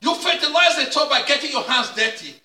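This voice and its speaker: A male pastor preaching a sermon with repeated call-and-response questions, sometimes rising to a shout. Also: extremely high pitch, animated, brisk. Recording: echoey room, mic at a distance.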